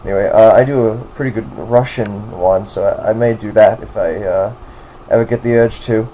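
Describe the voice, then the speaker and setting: A man's voice: on the low side, fairly even intonation, normal speed, dark tone, slight background noise, rough recording. American man faking a British accent. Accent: put-on generic British accent. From United States. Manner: rambling, many fillers and restarts. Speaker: game commentator. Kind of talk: casual gameplay commentary.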